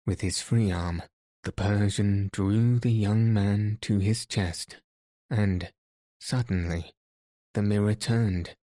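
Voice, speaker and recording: Low slow guy reading a classic novel, dry close sound. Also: dry recording. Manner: slow, even, measured reading. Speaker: audiobook narrator. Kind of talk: scripted narration.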